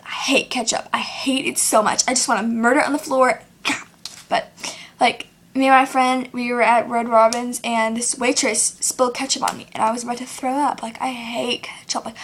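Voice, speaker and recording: Teen girl vlogger, high bright voice, rambling home rant to camera, full of fillers. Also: steady tone, moderate pace, breathy edge. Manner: rambling, filler-heavy, acts out quoted people. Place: at home, seated in a chair. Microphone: self-recorded camera.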